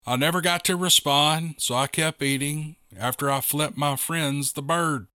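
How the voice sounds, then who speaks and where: A man narrates a first-person tale in a wry, matter-of-fact way. His voice sits a little high and bright. The recording is dry and close, with no room sound. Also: steady tone, measured pace, dry recording.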